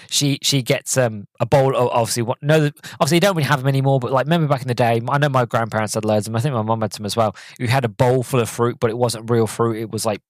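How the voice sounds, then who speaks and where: A man in his twenties hosting a casual solo podcast, reviewing a movie in a rambling, animated way with lots of restarts and sudden jumps in pitch. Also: dry recording. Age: 20s. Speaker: podcast host.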